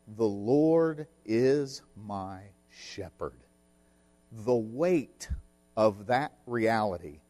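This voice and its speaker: Preacher: middle-aged man, unhurried delivery, earnest and emphatic, leans on repetition. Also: lowish voice, a little mellow. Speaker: pastor. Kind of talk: sermon.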